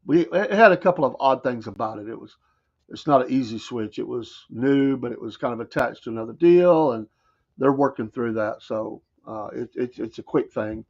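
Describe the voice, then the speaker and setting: A man with a Southern American accent and a mid-range voice hosts a morning talk show, speaking at a moderate pace over dull-sounding audio. His casual talk radio monologue riffs in a folksy, wry style with mocking asides.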